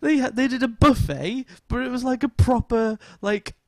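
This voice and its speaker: A man's voice: extremely high pitch, normal speed, a little mellow, no echo, studio quality. A man with a giggly, rambling storytelling manner, chatting casually as a podcast co-host. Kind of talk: casual chat.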